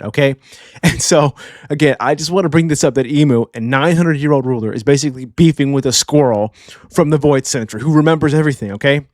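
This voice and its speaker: A young man hosting a casual manga review channel, animated and slangy, doing voices for characters. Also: on the high side, dry recording, studio quality. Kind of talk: casual video commentary.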